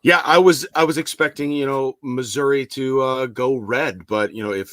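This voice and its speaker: A man's voice: medium pitch, normal speed, a bit bright, no room sound. A man co-hosting a live election-night chat, talking casually and restarting his sentences.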